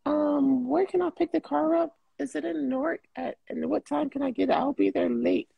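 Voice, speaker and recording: A man doing a falsetto fake woman on the phone. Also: fairly even intonation, moderate pace, creaky, dry recording, muffled recording, full character voice. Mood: sugary. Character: young man faking a sweet woman's voice.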